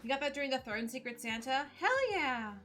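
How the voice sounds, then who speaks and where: A woman in her thirties, a streamer chatting casually on a live stream and opening gifts in a bubbly, excitable way. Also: high voice, fairly quick, faint music behind. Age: 30s.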